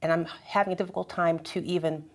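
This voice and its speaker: A woman in a group conversation at her church, telling a personal story with animated, emotional delivery and acting out dialogue. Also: lowish voice, fast talker. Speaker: church member sharing experiences.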